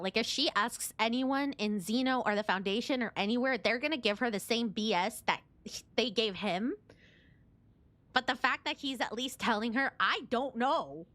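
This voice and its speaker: A woman's voice: on the high side, fairly bright tone, no echo. A young woman streamer reading game dialogue aloud and reacting emotionally, ranting and exclaiming.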